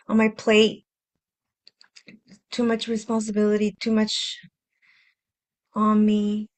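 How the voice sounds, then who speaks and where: A woman hosts a healing-focused podcast in a gentle, reflective self-help tone. Her voice sits at a medium pitch. She often repeats phrases and slips into soft, sighing inner-voice asides. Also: completely flat delivery, slow, pauses often. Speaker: podcast host and healing coach.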